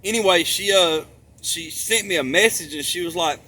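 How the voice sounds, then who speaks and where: A man's voice: high voice, normal speed, sharp tone, a little hiss or hum. A man talking in a rambling monologue, emphatic and profane, repeating himself for stress.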